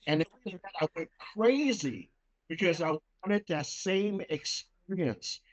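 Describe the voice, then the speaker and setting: A male paranormal investigator telling a story in casual talk, animated and swearing freely. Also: high-pitched, a little slow.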